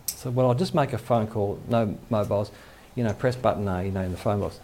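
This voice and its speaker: A man's voice: on the low side, fairly quick, hardly any pauses, darkish tone. A male pastor giving a conversational sermon, acting out quoted voices, with faint background noise.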